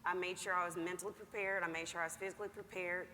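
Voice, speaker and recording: A lower-pitched woman with a bright, forceful voice gives a measured, steady account on stage. Her voice carries a long hall reverb over faint background noise. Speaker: Marine master gunnery sergeant panelist. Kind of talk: panel answer, personal account. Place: large conference hall.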